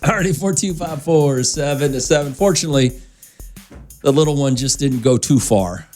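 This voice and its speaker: A man's voice: mid-range voice, moderate pace, a little mellow, soft background music. A male radio morning show host talking casually in a studio, telling loose, rambling stories straight to his listeners. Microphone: studio microphone.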